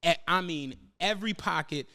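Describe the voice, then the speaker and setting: A man's voice: a little high, moderate pace, bright, forceful tone. A young adult man hosting a podcast, telling a travel story in casual chat, acting out his friends' lines and swearing freely. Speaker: podcast host.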